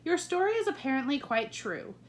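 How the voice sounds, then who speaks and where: Woman playing a brisk, commanding queen. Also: sits high, very animated, voice pushed up. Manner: crisp, imperious.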